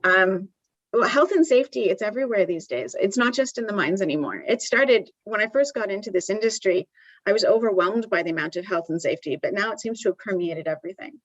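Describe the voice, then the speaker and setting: A woman's voice: mid-range voice, expressive, fairly quick, dry recording, lo-fi sound. A woman giving a live conference presentation in a conversational way, with frequent ums and restarts. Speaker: conference speaker. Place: conference venue.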